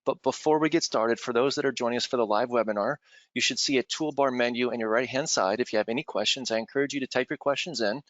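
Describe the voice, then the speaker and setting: A man hosts a webinar, reading out a formal introduction at a quick pace. The sound is dry and close, with muffled lo-fi audio. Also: medium pitch, a bit bright, no room sound. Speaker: webinar host. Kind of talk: scripted introduction.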